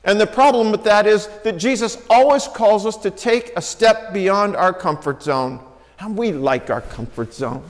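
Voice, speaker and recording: A high-pitched man preaching to his congregation in a church sanctuary. His voice rings with a long reverb tail off the walls. He tells the story lively, dropping soft and low for quotes and rising again. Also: a little slow. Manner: storytelling, acts out quoted lines with shifting pitch and volume. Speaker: pastor. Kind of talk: sermon.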